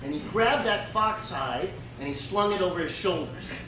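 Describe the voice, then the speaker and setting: A man telling a folksy tall tale to a live audience in a deadpan, mock-solemn manner. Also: high-pitched, moderate pace. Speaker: storyteller. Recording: echoey room, distant mic, noisy.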